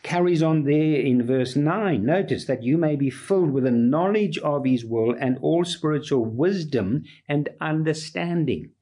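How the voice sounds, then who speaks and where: A man's voice: on the high side, animated, unhurried, hardly any pauses, warm tone. A man preaching a sermon, emphatic, building his points through repeated lists.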